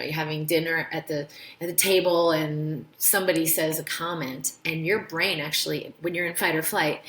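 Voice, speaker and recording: In a roomy-sounding space, a low-voiced woman who is a doctor and show host chats casually on a live stream, covering health concepts and bringing her stories to life by performing quoted voices.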